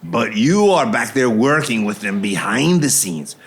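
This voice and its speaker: Casting: a man doing a slow, gravelly TV co-host with a very lively pitch. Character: male telethon co-host interviewer.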